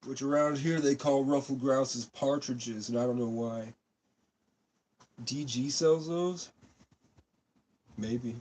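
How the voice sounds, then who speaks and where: A man's voice: mid-range voice, takes it slowly, pauses often, darkish tone, poor audio. A man doing a crude, absurd improvised livestream outdoors on a street, cold and coughing from cigarettes. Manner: absurd, silly, crude banter. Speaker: comedian livestreaming.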